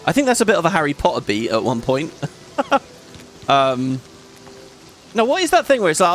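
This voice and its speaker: A man's voice: on the high side, wildly swooping pitch, moderate pace, pauses often, a bit bright, faint music behind. A man hosting a let's play, chatting casually and rambling as he thinks aloud and laughs often while he plays. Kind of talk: casual gameplay commentary.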